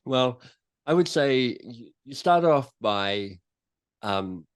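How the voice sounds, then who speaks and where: Taking his time, a man with a medium-pitched voice appears as a guest author and coach in a podcast interview. He spins stories lively, voicing short quotes in character as he goes.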